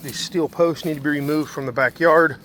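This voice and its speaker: A man's voice: a little high, steady tone, normal speed, fairly bright tone. Man listing house repairs, matter-of-fact. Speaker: property manager doing a walkthrough. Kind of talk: casual spoken inspection notes. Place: outdoors around a house and yard, then indoors. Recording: faint background noise.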